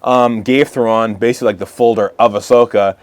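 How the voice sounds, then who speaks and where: A man co-hosting a podcast, chatting casually in a mid-range voice and jumping into quick impressions of characters as he retells scenes. The sound is dry and close, with no room around it. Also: mid-range voice, dry recording. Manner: animated, acts out characters' lines while retelling, laughs often. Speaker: podcast co-host. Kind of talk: casual chat recapping a show.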